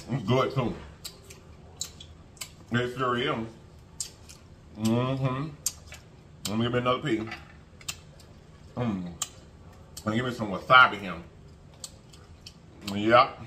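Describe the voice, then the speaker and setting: A man's voice: mid-range voice, pushed and bright, slight background noise. A man hosting an eating show, chatting casually to his viewers and humming as he eats. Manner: chatty, folksy, keeps addressing viewers, hums while eating. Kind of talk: casual mukbang chat to viewers.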